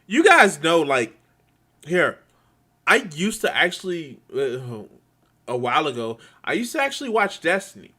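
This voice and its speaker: A man ranting angrily to his viewers, swearing a lot, stumbling over restarts and swinging between quiet and loud. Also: a little high, expressive. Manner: profane, halting, many restarts. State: angry and frustrated. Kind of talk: angry unscripted rant.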